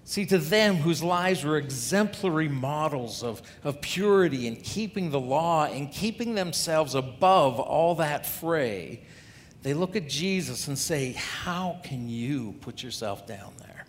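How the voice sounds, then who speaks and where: A man's voice: lively intonation, measured pace. A man preaching a sermon as a pastor, talking through scripture in a conversational way and asking the congregation rhetorical questions. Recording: long hall reverb, faint rumble.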